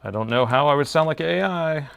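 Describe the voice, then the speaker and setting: A man's voice: a little high, expressive, fairly quick, gravelly, fairly bright tone, clear, resonant tone. A man chatting casually with his live-stream viewers while he repairs a laptop, talking to himself as he works.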